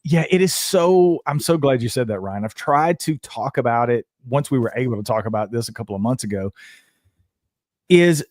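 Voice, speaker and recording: A man's voice: mid-range voice, lively intonation, normal speed, darkish tone, no echo, studio quality. A man who was a police officer, telling a story as a podcast guest with emphatic, slangy energy. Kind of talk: casual storytelling chat.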